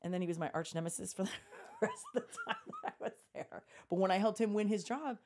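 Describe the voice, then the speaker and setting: A woman hosting a podcast, telling a work story in a blunt, profane, animated way. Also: mid-range voice, fast talker, background noise. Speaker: podcast host. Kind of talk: casual storytelling chat.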